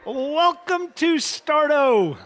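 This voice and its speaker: Middle-aged guy cohosting a startup show, highish voice, jokey and teasing. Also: animated, extremely slow, a bit bright, faint music behind. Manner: joking, teasing banter. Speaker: co-host. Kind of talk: casual chat.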